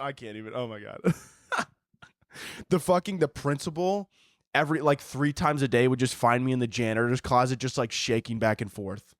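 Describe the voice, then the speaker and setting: Rambling, animated comic man, dry sound. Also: mid-range voice, a little fast, dry recording. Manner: animated, rambling storytelling with swearing and frequent laughs. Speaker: podcast host. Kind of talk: comedic monologue.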